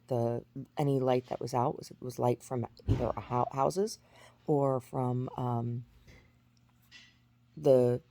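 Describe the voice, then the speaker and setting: A woman's voice: a bass voice, vocal fry, warm tone. A woman in her forties talking through a rambling personal story, full of restarts and fillers. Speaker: vlogger. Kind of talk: casual storytelling monologue.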